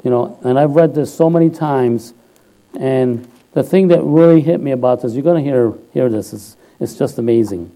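A man preaches a sermon informally and chattily, frequently checking in with "all right?" and getting loud and high when he exhorts or quotes. He speaks at normal speed, and the recording is low quality.

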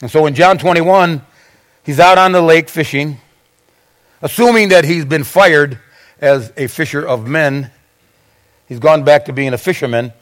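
High-voiced man preaching a dramatic sermon. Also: measured pace, long pauses. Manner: dramatic storytelling, acting out voices. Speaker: pastor.

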